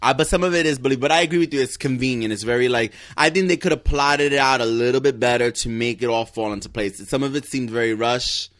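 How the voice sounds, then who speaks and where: A man with a bright, forceful voice at a middling pitch, trading opinions in a casual co-hosted chat. He is animated and opinionated, talking in quick bursts. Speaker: podcast co-host.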